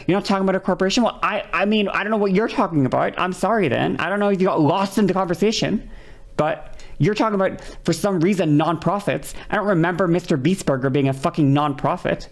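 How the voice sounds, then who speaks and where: A woman streamer in a heated rant at her chat, her low voice catching on gravelly fry. She argues with exasperation and drops frequent curse words along the way. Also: a little fast. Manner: exasperated, argumentative, swears often.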